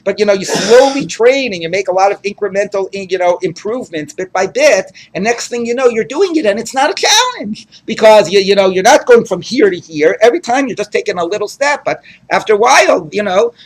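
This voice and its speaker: A man's voice: sits high, animated, moderate pace. A man teaching a Talmud class in a conversational way, reading Aramaic and translating it phrase by phrase with frequent restarts. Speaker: rabbi teaching daily Talmud page. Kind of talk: Talmud study lecture.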